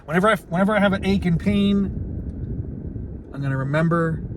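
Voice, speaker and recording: A man's voice: sits high, a little fast, noisy background. A man hosting a vlog, tired and sore after class, rambling and joking at his own expense. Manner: rambling, self-mocking, joking. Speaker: vlog host. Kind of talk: rambling casual monologue.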